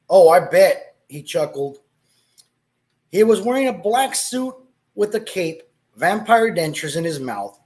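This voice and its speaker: A man's voice: high-pitched, animated, a little slow, a little mellow. A man reading a story aloud, breaking off to laugh and make asides, with Spanish exclamations.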